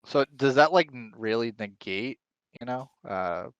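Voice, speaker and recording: A man's voice: medium pitch, lively intonation, a little slow, clean tone, dry recording, muffled recording. A man playing a tabletop game who talks casually and hesitantly, full of fillers and questions. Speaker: player.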